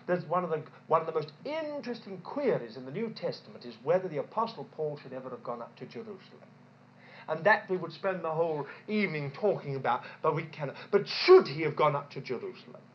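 A woman preaching a sermon in an animated way, asking rhetorical questions and repeating points for emphasis. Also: deep voice, slight background noise. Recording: dull lo-fi recording.

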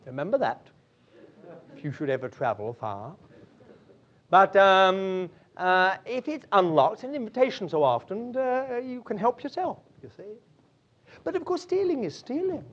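A man's voice: high voice, very animated, a little slow, fairly bright tone. A man preaching a sermon, drifting into chuckling anecdotes with many fillers. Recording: dull lo-fi recording.

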